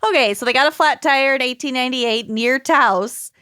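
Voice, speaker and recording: A woman co-hosts a podcast in an easygoing chat, her voice pitched a little high. She reads loosely from research notes, swears freely and laughs often. The sound is close and dry, with no room ring. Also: moderate pace, pushed and bright, clean tone, no room sound. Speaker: podcast co-host presenting the research. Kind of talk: casual chat.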